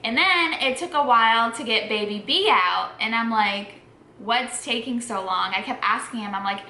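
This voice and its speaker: Halting woman with a bright voice. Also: fairly high pitch. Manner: halting, trails off and restarts. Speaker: vlogger, mother of twins. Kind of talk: casual storytelling. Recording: echoey room.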